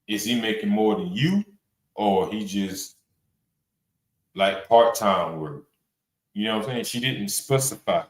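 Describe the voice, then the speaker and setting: A man's voice: fairly low pitch, expressive, a little slow, pauses often. A man hosting a reaction podcast panel, talking in a blunt, rambling, casual way with plenty of swearing and fillers. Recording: roomy echo.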